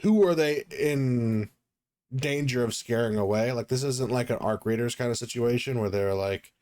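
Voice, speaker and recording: A young man in casual podcast chat, talking his way around a point with frequent ums and false starts. His voice sits at an ordinary middle pitch for a man. He rambles and hedges as he works out his thoughts. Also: normal speed, darkish tone. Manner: rambling, hesitant with many ums and restarts. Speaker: podcast co-host.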